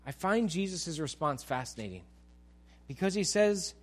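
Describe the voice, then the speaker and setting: A man preaches in a relaxed, conversational style, his voice sitting a little high. He is animated and often repeats a word as he restarts a thought. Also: moderate pace. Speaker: pastor. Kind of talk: conversational sermon.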